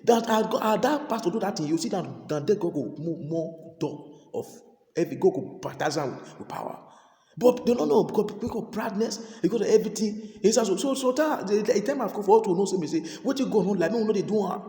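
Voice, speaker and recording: Nigerian man preaching, rapid repetitive delivery, mellow fairly high voice, long hall reverb. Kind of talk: sermon in Pidgin.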